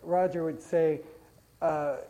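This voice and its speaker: A man preaching a Pentecostal sermon as pastor, energetic, with frequent restarts and repeated words. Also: fairly high pitch, slow pace, gravelly.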